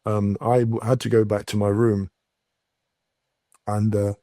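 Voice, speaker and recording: English male guest, low mellow voice, dry close sound, halting storyteller. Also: level tone, no echo. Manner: halting, many restarts and fillers. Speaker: podcast guest. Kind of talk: casual storytelling.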